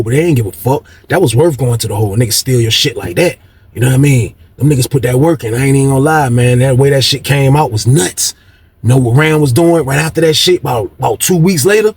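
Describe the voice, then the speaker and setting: Young guy rattling off a story fast, lots of slang and swearing, faint hiss behind. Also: mid-range voice. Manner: animated, slangy, heavy cursing. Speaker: storyteller host of a video channel. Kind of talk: casual storytelling to camera.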